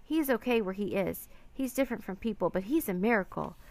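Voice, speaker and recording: Brief: woman playing an earnest boy, steady middle pitch, gravelly edge. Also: brisk, close to an everyday voice. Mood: pleading. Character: earnest thoughtful young boy.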